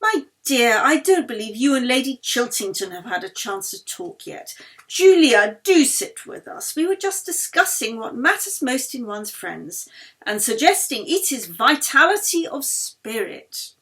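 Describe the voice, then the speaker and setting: A woman voicing a gracious, gentle older baroness who lives in pain, speaking politely. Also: mid-range voice, sing-song, normal speed, hardly any pauses.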